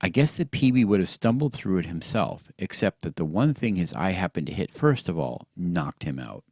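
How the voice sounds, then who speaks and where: A man with a very deep voice reading a storybook aloud to help listeners fall asleep. His manner is soft and soothing, though the intonation moves lively across the lines, and the recording is close and dry with no room sound. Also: normal speed, no room sound. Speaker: audiobook narrator.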